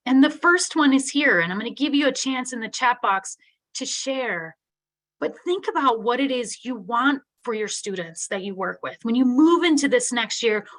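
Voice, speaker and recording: A woman's voice: a little high, fairly bright tone. A middle-aged woman giving an earnest, conversational keynote in a live webinar, often checking in with "right?". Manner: earnest, conversational, tag questions. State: teary-eyed. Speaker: keynote speaker.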